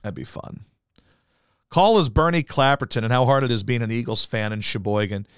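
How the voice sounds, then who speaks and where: A man's voice: medium pitch, fairly quick, clear, resonant tone, no echo, clean studio sound. A man hosting a solo podcast, ranting in a profane, sarcastic, mocking way. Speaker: podcast host.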